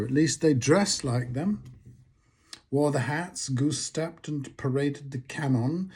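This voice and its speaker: A man from England giving a wry, reflective spoken monologue, musing in long lyrical lists, with a husky voice. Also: medium pitch, mellow.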